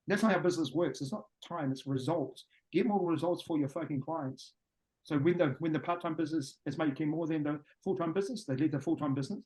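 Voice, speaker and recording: Blunt kiwi guy with a new zealand accent, talks real fast, bit high-pitched, swears a lot. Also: rough recording. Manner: blunt, profane, animated. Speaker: guest, business coach. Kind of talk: podcast interview.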